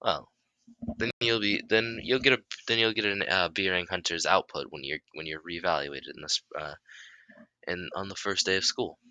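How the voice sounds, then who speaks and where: A formal, probing chairman, played by a man in a deep, low voice with a bright, forceful edge. The delivery is halting and improvised. The recording is dry and close. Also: dry recording, muffled recording. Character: official male association chairman, formal and probing.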